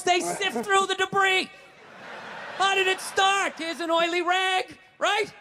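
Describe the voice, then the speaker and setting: A man performing a stand-up routine for a live audience, ranting and swearing, with sudden bursts of shouting. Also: very high voice, little pitch movement, slow, soft background music. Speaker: stand-up comedian.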